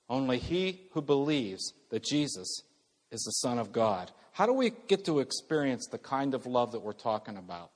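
A middle-aged male pastor preaching a sermon earnestly, moving between loud emphasis and soft, hushed passages. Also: medium pitch, big pitch swings, moderate pace, long reverb tail.

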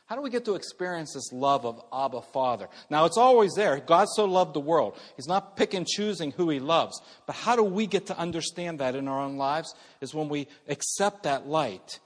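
A man's voice: a little high, expressive, normal speed, hardly any pauses. Man preaching in a reverberant church. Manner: earnest, swings between loud emphasis and soft near-whisper. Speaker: pastor. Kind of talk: sermon.

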